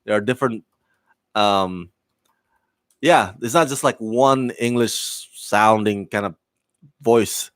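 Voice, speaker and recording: A man's voice: lowish voice, takes it slowly, long pauses, fairly bright tone, clear, resonant tone, no echo. Rambling enthusiastic man reviewing a show. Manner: rambling with many fillers and restarts; enthusiastic, laughs often. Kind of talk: casual review commentary.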